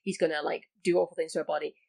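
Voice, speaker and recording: A woman's voice: sits low, level tone, rapid-fire, gravelly, mellow. A woman talking casually about a film as a podcast guest, full of likes and restarts. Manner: chatty, many likes and restarts.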